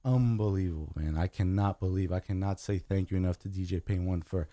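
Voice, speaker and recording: A man's voice: sits low, fairly even intonation, brisk, dark tone, no echo. A young man raised in Guatemala and the United States, a podcast guest talking earnestly in casual chat and often saying "man".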